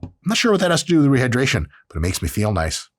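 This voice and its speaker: A man's voice: mid-range voice, huge pitch swings, racing. A man hosting a casual comedic video commentary as an exercise scientist, sarcastic, joking and swearing freely.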